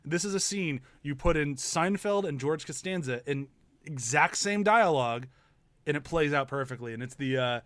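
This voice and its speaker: A man's voice: a little high, moderate pace, no room sound. Dry-sounding laughing male podcast host. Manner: animated, laughing, acts out scenes. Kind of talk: casual podcast chat.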